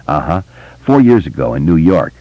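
A man voicing a quiet, thoughtful grown man who speaks low and measured. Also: big pitch swings, dry recording, muffled recording, full character voice. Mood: earnest.

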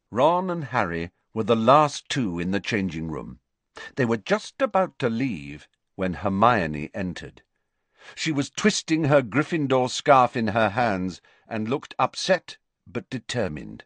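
Animated male audiobook narrator. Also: lowish voice, unhurried, no echo. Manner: animated, dramatic reading. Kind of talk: scripted narration.

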